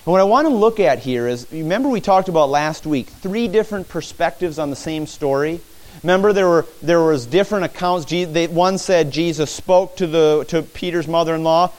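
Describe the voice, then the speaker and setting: A man preaching a sermon in church, animated, acting out the disciples' cries as he teaches. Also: a little high.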